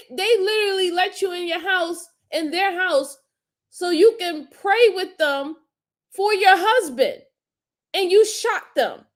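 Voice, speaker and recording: A woman hosting a crime commentary show, talking casually in an outspoken, exasperated way and then apologizing for her cussing. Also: very high-pitched. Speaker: host reacting to crime footage.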